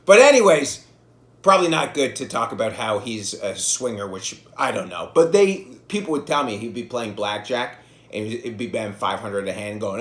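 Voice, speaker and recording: A man's voice: fairly low pitch, very animated, moderate pace, fairly bright tone. A man in his thirties hosting a podcast. He rambles through profane, self-deprecating stories in a casual monologue. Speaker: podcast host. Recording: echoey room.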